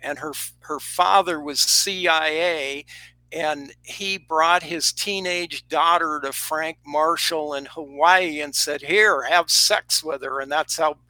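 This is a man with a fairly high, bright and tense voice, recorded dry in a studio. He co-hosts and rambles, stacking one claim on top of the next. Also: steady tone, no room sound, poor audio. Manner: rambling, rapid-fire claims. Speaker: co-host. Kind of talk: casual chat.

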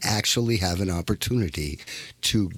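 Very deep, husky man in a studio. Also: moderate pace, fairly bright tone. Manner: assertive, lecturing, insistent on finishing his point. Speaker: co-host. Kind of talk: casual chat.

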